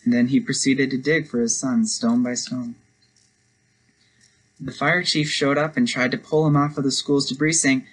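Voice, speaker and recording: Husky-voiced man telling an earnest sermon. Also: mid-range voice, flat delivery, moderate pace, rough recording. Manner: earnest storytelling, speeds up for quoted lines. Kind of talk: devotional sermon with storytelling and prayer.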